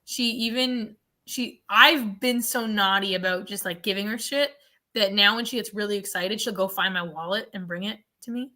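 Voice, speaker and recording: Bright young woman telling rambling dog stories. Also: mid-range voice, moderate pace. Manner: rambling anecdotes, restarts, swears casually, laughs. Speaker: readathon livestream co-host. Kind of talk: casual livestream chat.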